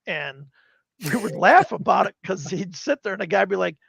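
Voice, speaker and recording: A man's voice: high voice, moderate pace, creaky, slightly rough, dry recording. A man in his fifties casually telling rambling tabletop gaming stories as a guest on a live stream. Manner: rambling, animated retelling with acted quotes. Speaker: guest gamer. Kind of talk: casual storytelling. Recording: dull lo-fi stream audio.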